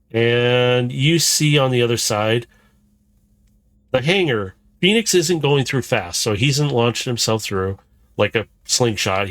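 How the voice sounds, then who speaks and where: A man runs the game, describing each scene in a loose, chatty flow with frequent chuckles. His voice sits at an ordinary middle pitch. The sound is dry and close, with no room echo. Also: fairly bright tone. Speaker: game master. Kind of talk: narrating a tabletop game.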